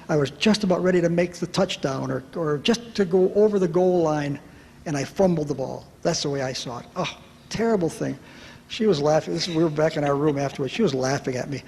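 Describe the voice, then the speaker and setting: A man with a slightly high voice tells a story to a gathered audience, lively and poking fun at himself. The sound rings out with a long hall reverb, and there is a faint hiss of background noise under him. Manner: lively, self-mocking storyteller who acts out quoted voices. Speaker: speaker at a retreat. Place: large hall at a retreat.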